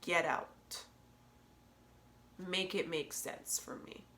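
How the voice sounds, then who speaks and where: Young female podcast host, bright tone, earnest and preachy, laughs a lot. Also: lowish voice, extremely slow. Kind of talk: candid solo podcast talk.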